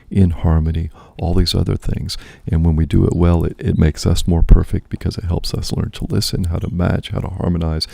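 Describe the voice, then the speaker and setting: A man's voice: low-pitched, gravelly, no room sound. A man, a priest and host, musing aloud in casual spoken reflection, often checking in with "right?".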